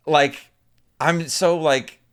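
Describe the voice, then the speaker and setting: Young male podcast co-host, earnest, reflective, smooth-toned, casual chat. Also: on the high side, fairly even intonation, drawn-out words. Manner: earnest, reflective, rambling with fillers.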